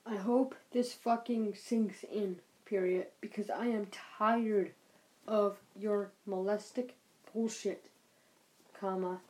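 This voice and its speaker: A woman dictates an angry, profanity-filled message, speaking each comma and period aloud. She talks slowly, in a mellow, darker tone, at night in her bedroom. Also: mid-range voice, rough recording.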